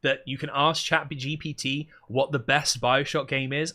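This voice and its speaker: A man hosting a casual livestream, talking in a dry, deadpan way and rambling as he thinks aloud. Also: medium pitch. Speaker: livestream host.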